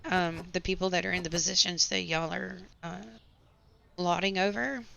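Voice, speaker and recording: A woman, hoarse with her voice nearly gone, chatting and venting sarcastically while playing a game. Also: on the low side, steady tone, moderate pace, a bit bright. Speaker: gaming channel host. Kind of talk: casual gameplay chat with storytelling. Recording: slightly dull home recording with faint background noise.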